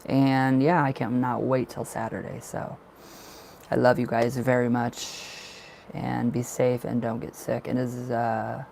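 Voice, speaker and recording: A man's voice: mid-range voice, little pitch movement, unhurried, creaky, darkish tone, slight background noise, poor audio. A man hosting a casual tarot livestream, chatty and laughing often as he talks to viewers.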